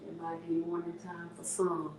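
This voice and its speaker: A woman's voice: lowish voice, monotone, moderate pace, background noise. A woman hosting a casual livestream, greeting viewers by name in a playful drawl. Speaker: livestream host.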